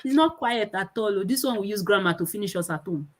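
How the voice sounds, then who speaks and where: A woman in her thirties with a Nigerian accent, giving a conference talk on children's speech and acting out her children's voices in animated anecdotes. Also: medium pitch, fast, low-quality recording.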